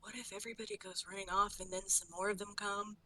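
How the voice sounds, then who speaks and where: A woman's voice: mid-range voice, steady tone, quick pace, bright, forceful tone. A woman voicing her own character, a cautious female adventurer who frets about the camp and proudly stays behind to guard it. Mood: worried.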